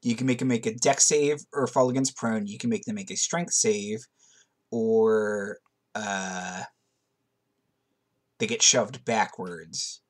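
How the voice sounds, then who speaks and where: A man acting as game master, describing a tabletop game's action in a lively way. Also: on the low side, takes it slowly, pauses often.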